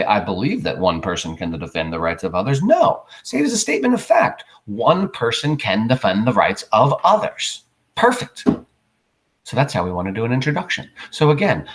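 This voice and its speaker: A male teacher giving a writing lesson in an animated way, acting out small examples for his students. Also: on the low side. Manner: animated, playfully acts out examples.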